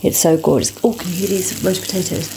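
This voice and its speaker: A woman's voice: lowish voice, fairly even intonation, fast talker, creaky, noisy background. A woman in her thirties from England, a comedian chatting casually and swearing freely in a vlog filmed on her phone. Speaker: comedian and vlogger. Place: home kitchen and seaside beach.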